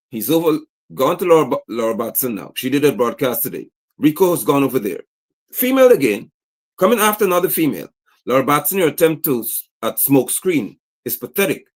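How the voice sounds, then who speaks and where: Man, livestream commentary, indignant, rhetorical questions, animated pitch, slightly high voice. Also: a little fast. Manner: indignant, rhetorical questions, reads posts aloud. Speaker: political commentator. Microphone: streaming setup mic.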